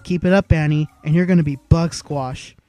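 A man's voice: on the high side, steady tone, moderate pace, dark tone, dry recording, soft background music, natural voice. A man playing a bored, teasing boy.

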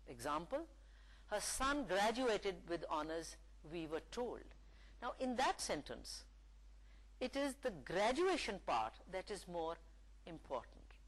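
Slow, lilting woman lecturer. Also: fairly low pitch, rough recording. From Pakistan. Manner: slow, deliberate, reading example sentences aloud. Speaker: university English lecturer. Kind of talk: recorded lecture.

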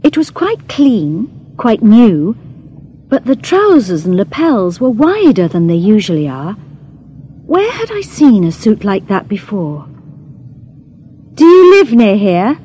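Slow, expressive woman storyteller. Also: mid-range voice, a little hiss or hum. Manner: clear, careful storytelling. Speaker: audiobook narrator. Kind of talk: scripted narration of a graded reader story.

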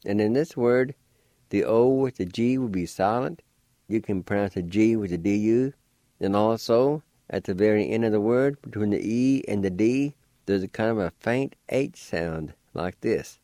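A man's voice: lowish voice, normal speed, mellow, no room sound, clean studio sound. A man teaching a radio language lesson, patiently spelling out words syllable by syllable and encouraging learners to practice.

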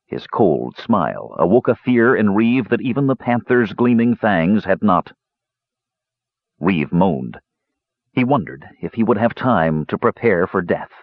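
A man reading a fantasy novel aloud in measured storytelling narration. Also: no echo, phone-quality sound. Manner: measured storytelling, lively pitch. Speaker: audiobook narrator.

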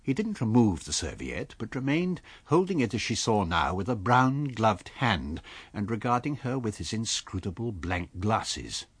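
A man reading a classic novel aloud for radio, with measured storytelling and light character voices. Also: fairly low pitch, big pitch swings, husky, no echo. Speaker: audiobook reader.

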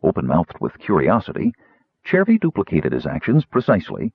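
A male audiobook narrator with a very low, husky voice that rises and falls freely as he reads. The sound is thin and phone-like and very dry, with no room around it. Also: fairly quick, dry recording. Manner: lively, expressive reading. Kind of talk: scripted narration.

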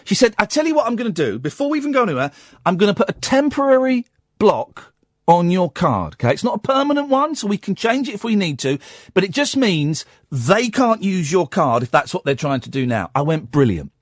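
Animated husky-voiced man telling a story. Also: high voice, a little fast, no echo, clean studio sound. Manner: animated, acts out both sides of phone calls. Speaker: radio host. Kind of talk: storytelling on a talk radio show.

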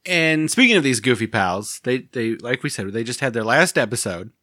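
A man's voice: mid-range voice, animated, moderate pace, bright, forceful tone, no room sound, studio quality. Man giggling through rambling podcast chat. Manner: laughs often, rambling and self-amused. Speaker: podcast co-host.

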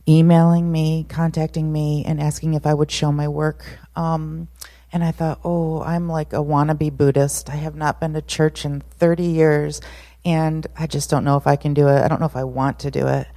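Low, flat-voiced nervous woman speaker. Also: no room sound. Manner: nervous, halting, many fillers. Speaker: guest speaker, photographer. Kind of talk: personal testimony at a church service.

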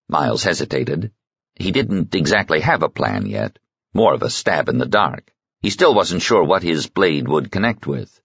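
A man narrating an audiobook in an expressive storytelling manner. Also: extremely low pitch, measured pace, gravelly, husky, no room sound. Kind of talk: scripted narration. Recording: slightly muffled sound.

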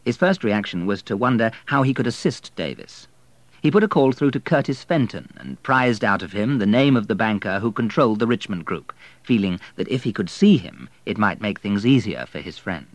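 A man reading a novel aloud in steady, measured scripted narration. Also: lowish voice, no room sound. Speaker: audiobook narrator.

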